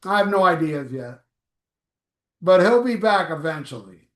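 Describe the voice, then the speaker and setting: High-voiced, profane livestream host. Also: male voice, lively intonation, unhurried, echoey room. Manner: blunt, profane, offhand. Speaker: livestream host reading viewer comments. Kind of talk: casual live chat.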